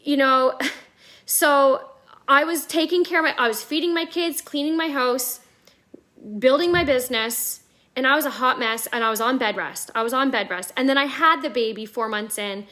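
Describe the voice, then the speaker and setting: A woman telling her own story at home on a live video, chatty and animated, with a lot of "like". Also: high-pitched, moderate pace. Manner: chatty, animated, many fillers like "like". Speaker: network marketing vlogger. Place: at home indoors, near a staircase. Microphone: live video call.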